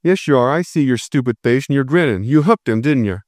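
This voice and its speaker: A man's voice: medium pitch, animated, a little fast, darkish tone, no room sound, studio quality, lightly acted. A man voicing an angry estranged father who turns menacing and accusing in a storybook reading.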